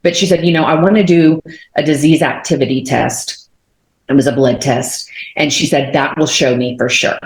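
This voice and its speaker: Guest, woman in her 40s from Texas, low voice, lively storyteller, recorded in a reverberant room. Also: moderate pace. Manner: animated storyteller, many fillers, acts out quotes. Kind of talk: telling a personal faith testimony. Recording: roomy echo.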